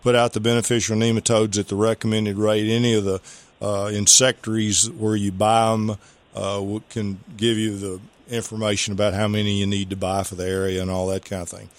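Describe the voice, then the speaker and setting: A man's voice: lowish voice, level tone, a little fast. Folksy man hosting radio show. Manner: folksy, rambling, spells out product names. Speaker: radio gardening show host. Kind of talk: call-in radio advice.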